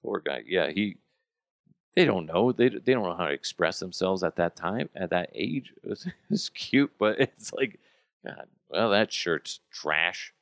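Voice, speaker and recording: A man's voice: low voice, animated, unhurried, dry recording, studio quality. A man in his thirties hosting a podcast, telling rambling stories in a casual, self-amused way. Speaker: podcast host. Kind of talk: casual chat.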